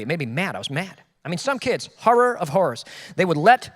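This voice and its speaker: A young man with a high voice preaching a sermon in a relaxed, conversational way and acting out the people in his story. His voice rings with the long reverb of a church hall. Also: a little fast. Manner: casual, conversational preaching with acted-out quotes. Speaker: pastor.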